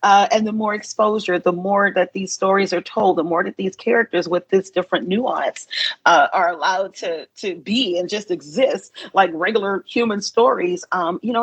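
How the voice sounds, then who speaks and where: A woman with a slightly husky voice is a guest on a podcast. She talks about her writing in a frank, emphatic way. She laughs along easily in the casual conversation. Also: mid-range voice, normal speed, dry recording, poor audio. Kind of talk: casual chat.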